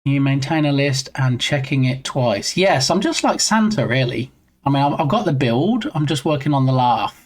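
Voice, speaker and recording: A man's voice: mid-range voice, expressive, moderate pace. A man streaming live while he works on his game, chatting casually and answering viewers in a self-deprecating way.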